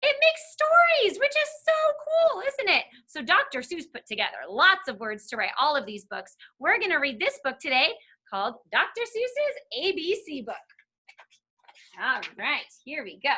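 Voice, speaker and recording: A woman's voice: high voice, big pitch swings, moderate pace, sharp tone. A woman reading a children's alphabet book aloud, sounding out letters in a playful, sing-song teacher's manner.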